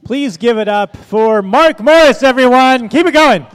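Emcee bringing on the next act, man, very high smooth voice, reverberant venue. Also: lively intonation. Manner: announcing, drawn-out hype. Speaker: comedy show emcee.

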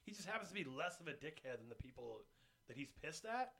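A man's voice: on the high side, quick pace, vocal fry, slightly rough. A young man hosting a comedy podcast, talking casually and ranting with lots of swearing. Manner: profane, ranting, animated. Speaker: podcast host.

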